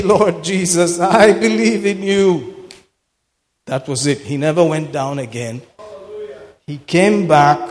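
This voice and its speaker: Preacher guy, slow and a bit high, drops to a murmur then bursts out shouting, church hall echo. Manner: emphatic, swinging from low murmurs to sudden shouts. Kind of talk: sermon. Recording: long hall reverb.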